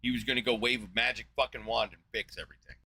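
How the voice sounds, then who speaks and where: Bright, ranting man host. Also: medium pitch, steady tone, fast talker, a little hiss or hum, low-quality recording. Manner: ranting, profane, scornful. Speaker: live-stream host. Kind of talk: heated reaction commentary.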